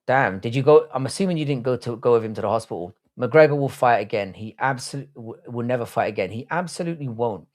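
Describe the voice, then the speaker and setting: A man's voice: mid-range voice, lively intonation, fast, hardly any pauses, a little mellow. Casual stream host, a South London bloke in his thirties, blunt and sweary, reads chat and bants. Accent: South London English. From England. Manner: profane, blunt, banter reading chat aloud. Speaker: livestream host. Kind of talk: casual live watch-along chat.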